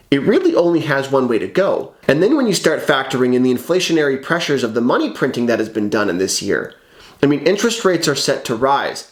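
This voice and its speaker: A man working as a mortgage broker, talking in a confident, persuasive way in a scripted explainer video. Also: on the high side. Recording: roomy echo, faint background music.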